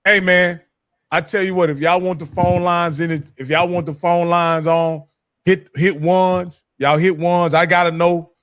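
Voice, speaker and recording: Easygoing sports show host, dry sound. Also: male voice, on the high side, flat delivery, moderate pace, fairly bright tone, clear, resonant tone, dry recording. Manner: easygoing, addresses viewers directly. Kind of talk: casual sports talk hosting.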